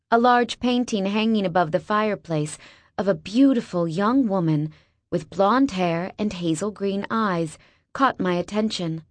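A woman's voice: fairly low pitch, no echo. A woman narrating a first-person novel with wry, sarcastic asides, on a close mic. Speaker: audiobook narrator.

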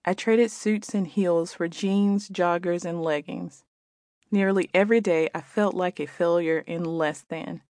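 A woman in her forties, the author, reading her own audiobook aloud in a gentle, reflective way. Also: on the low side, fairly even intonation, a little slow, no room sound, clean studio sound. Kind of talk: audiobook narration.

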